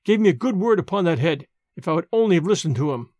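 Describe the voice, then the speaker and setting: A man reading an audiobook, voicing a stern, proud Highland man loyal to his friend. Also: animated, fast, a little mellow, no echo, studio quality.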